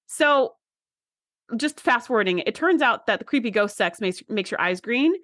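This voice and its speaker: Woman podcast co-host, casual chat, higher voice, dry close mic, animated and acts out lines. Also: normal speed, no room sound. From United States.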